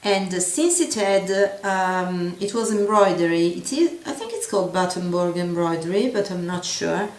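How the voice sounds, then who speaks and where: Gentle woman showing her craftwork. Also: lowish voice, expressive. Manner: gentle, halting, many fillers and self-corrections. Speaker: craft vlogger. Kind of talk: show-and-tell craft video. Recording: echoey room with faint ambience.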